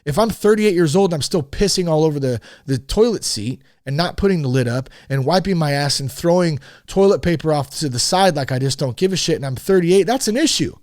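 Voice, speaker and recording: Frank, animated man in his thirties. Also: a little high, fairly quick, hardly any pauses, no echo, clean studio sound. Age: 30s. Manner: animated and frank, with swearing and rising emphasis. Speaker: podcast host. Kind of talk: casual spoken monologue.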